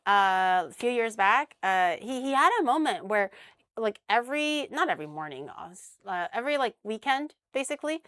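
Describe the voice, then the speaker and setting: Animated woman streamer telling a story. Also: fairly high pitch, moderate pace, clear, resonant tone, dry recording, studio quality. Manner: animated storytelling, acts out quotes, frequent laughs. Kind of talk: casual chat with stream viewers.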